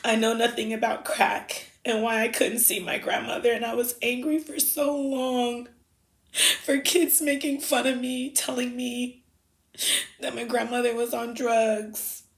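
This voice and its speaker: A woman speaking heartfelt farewell letters, halting and emotional, with soft pauses. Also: a little high, little pitch movement. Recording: roomy echo.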